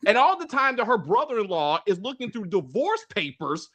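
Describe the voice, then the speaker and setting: Male co-host, casual film review, emphatic and exasperated, with a bright, lively delivery. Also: high voice, fairly quick. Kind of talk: casual movie review chat.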